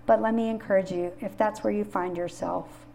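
A woman's voice: mid-range voice, fairly even intonation, normal speed, gravelly, mellow, slight background noise. A middle-aged woman hosting a faith-based podcast on grief, telling personal stories in an earnest way. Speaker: podcast host.

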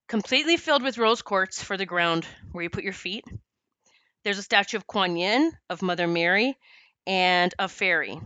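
A woman podcast host telling a personal story in an emotional, animated way. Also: medium pitch, clean tone, dry recording.

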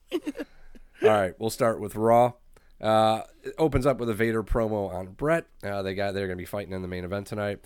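A man's voice: lowish voice, fairly even intonation, a little fast, darkish tone, clear, resonant tone, dry recording. A man co-hosting a podcast, casually running through wrestling match results with frequent "uh"s. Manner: matter-of-fact rundown with filler "uh"s. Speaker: podcast co-host.

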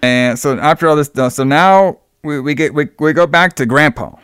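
A young man rambles through a film plot with plenty of fillers and restarts. His voice sounds smooth and resonant. The recording is dry and close. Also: fairly high pitch, normal speed, a bit bright, no room sound. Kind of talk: casual film recap.

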